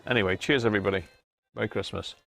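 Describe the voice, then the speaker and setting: A man's voice: fairly low pitch, fairly even intonation, racing, gravelly, a bit bright, soft background music. A man hosting a casual live stream from his home workshop, chatting loosely, laughing at himself and trailing off with ums. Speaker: radio restoration livestream host.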